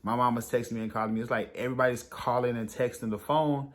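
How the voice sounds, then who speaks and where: A man's voice: mid-range voice, steady tone, fast talker. A young man and new father casually recounting his daughter's birth, rambling and laughing at himself. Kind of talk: casual storytelling vlog.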